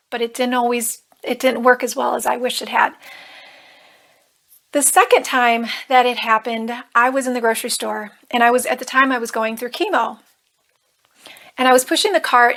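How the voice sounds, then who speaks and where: Speaking straight to camera, a female life coach with a fairly high, slightly bright voice shares a personal story. She is earnest and emotional, slipping in nervous humor along the way.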